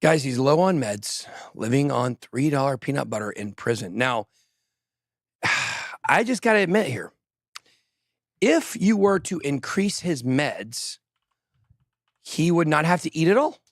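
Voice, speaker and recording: A man's voice: a little high, expressive, measured pace, pauses often, no echo, studio quality. A man hosting a crypto show in casual chat, joking and poking fun at himself while reading the news with tangents. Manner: joking, self-mocking, reads news with tangents.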